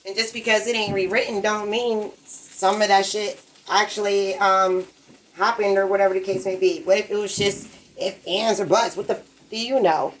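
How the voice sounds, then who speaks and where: A woman's voice: medium pitch, fairly even intonation, normal speed, a little hiss or hum, poor audio. A woman on a live stream, ranting in a rambling, profane, agitated way from her apartment. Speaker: livestreamer.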